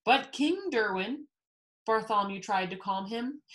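A woman's voice: medium pitch, expressive, a little slow, a bit bright. A woman co-hosting a children's reading, chatting and reading a storybook aloud with expression. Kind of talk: storybook read-aloud and chat.

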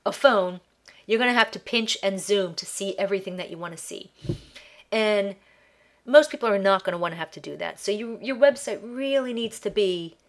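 A woman web designer with a nasal, allergy-congested voice, casually talking through a website review and often restarting words. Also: mid-range voice. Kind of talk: screen-share website review.

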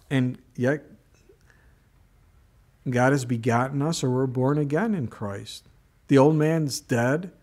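A man pastor giving a sermon, moving from Bible teaching into a lively personal story. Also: on the high side. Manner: storytelling, animated in anecdotes.

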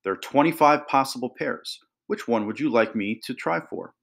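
A man voicing an eager young boy who loves numbers, talking excitedly and explaining. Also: medium pitch, moderate pace, vocal fry.

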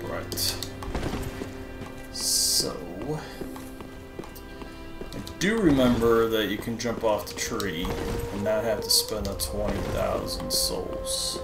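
A man's voice: on the low side, slow pace, vocal fry, pauses often, over loud music. A man hosting a gaming channel, chatting casually and poking fun at himself to viewers as he plays. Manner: self-deprecating, chatty, talking to viewers. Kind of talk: casual gameplay commentary. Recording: echoey room with noise.

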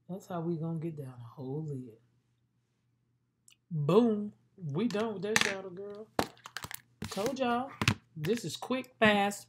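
A woman's voice: medium pitch, animated, slow, long pauses, slightly rough. A woman vlogging her makeup routine in a playful, chatty way, talking straight to her viewers. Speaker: beauty vlogger. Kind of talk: casual makeup tutorial chat.

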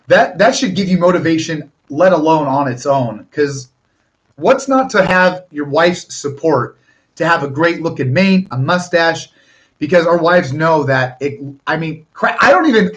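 A man's voice: a little high, a bit bright, highs cut off. A young man from Northern California hosting a casual live stream, chatting loosely with viewers and often restarting his sentences. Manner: chatty, rambling, with frequent restarts.

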